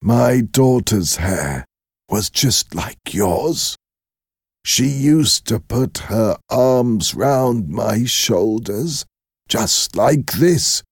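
Guy putting on a weak old man voice, shaky and slow, kinda lost. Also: lowish voice, dark tone, husky, no echo, clean studio sound, pitched above the performer's own voice, full character voice. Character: frail old male prisoner, confused and weak.

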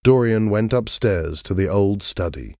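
Brief: male narrator, slow and clear, dry close studio sound. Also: on the low side, expressive, dark tone, no echo. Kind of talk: audiobook narration of a graded reader.

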